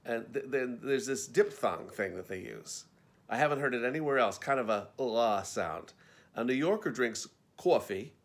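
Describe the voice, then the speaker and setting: A man's voice: medium pitch, lively intonation, normal speed. A man reading his own backstage memoir aloud as an audiobook, telling it in a wry, conversational way.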